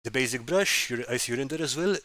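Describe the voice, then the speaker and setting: A man hosting a casual livestream chat, easygoing and quick to laugh. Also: medium pitch, lively intonation, bright, forceful tone, no room sound. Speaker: livestream host.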